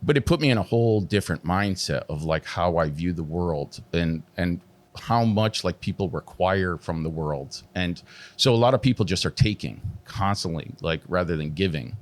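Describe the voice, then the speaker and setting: A middle-aged man, a tattoo artist guest, telling his story candidly and animatedly, full of swearing and "like" fillers. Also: moderate pace. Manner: heavy swearing, constant "like" fillers; animated, pitch jumps when emphatic.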